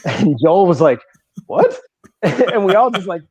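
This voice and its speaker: A man's voice: high-pitched, expressive, measured pace, darkish tone, slightly rough, no room sound. A man, a bowling podcast guest, telling stories casually and animatedly, laughing often and repeating words as he goes. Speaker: guest bowler. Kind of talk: casual storytelling in a podcast interview. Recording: slightly dull, dry lo-fi audio.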